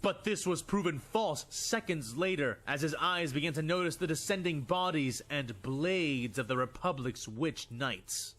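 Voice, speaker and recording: A male narrator reads a sci-fi fan story with dramatic flair. He takes his time, and his slightly high voice rises and falls in lively arcs. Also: measured pace, few pauses. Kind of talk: scripted narration of fan fiction.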